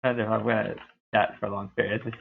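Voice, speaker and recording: A young man streaming a game, talking through his play in a laid-back, rambling way with a deep, dark voice. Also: flat delivery, fast talker, vocal fry, slight background noise. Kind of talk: casual gameplay commentary. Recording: tinny lo-fi stream mic.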